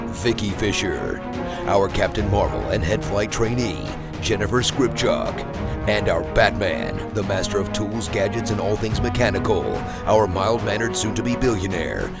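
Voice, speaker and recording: A man with a low, gravelly voice delivers a grand, superhero-trailer-style show intro. His pitch swings widely for drama. Loud music plays beneath him. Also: lively intonation, measured pace. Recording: music bed behind voice.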